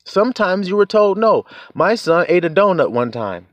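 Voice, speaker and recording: A man's voice: high-pitched, big pitch swings, normal speed, no room sound. A young man, giving life advice in a casual, preachy monologue, laughing often, swearing, and acting out quotes.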